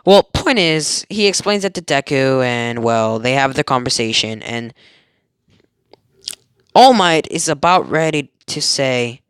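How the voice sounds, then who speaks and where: A young man recaps an anime storyline in a loose, excitable ramble, stopping often to correct himself. His voice is mid-pitched and recorded close and dry at home. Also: measured pace, pauses often, smooth, no room sound. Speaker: fan storyteller. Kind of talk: casual retelling of an anime.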